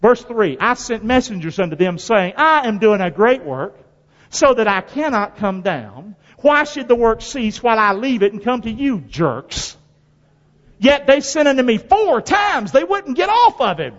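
A male pastor preaching a sermon in a folksy call-and-response style, his delivery swinging from loud to hushed. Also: very high voice, big pitch swings, moderate pace. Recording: dull sound with long hall reverb.

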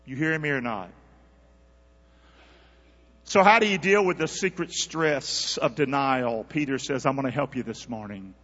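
A man preaching a sermon, calling on the congregation to answer back and swinging between loud and hushed. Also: medium pitch, normal speed. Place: church. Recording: dull sound with long church reverb.

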